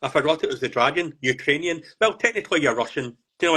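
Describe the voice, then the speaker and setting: A man hosts a podcast in relaxed, jokey banter that wanders off on tangents. His voice is husky and a bit higher than most men's. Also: fast, few pauses. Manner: joking, rambling banter. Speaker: podcast host. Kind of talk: casual podcast chat.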